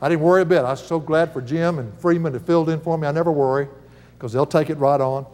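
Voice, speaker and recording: Older man, folksy preacher, higher voice, long reverb around him. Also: fairly even intonation, fast, a little mellow. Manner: folksy, chuckling storyteller. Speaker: Bible teacher. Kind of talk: sermon with personal stories.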